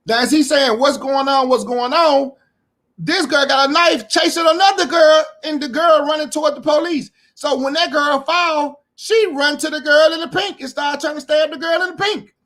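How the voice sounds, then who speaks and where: A man with a strikingly high-pitched voice talks through a reaction commentary in a loose, heated way. He circles back over the same points, swears freely, and climbs into outright shouting when he gets indignant. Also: moderate pace, few pauses. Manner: blunt, heated, repeats himself, swears freely.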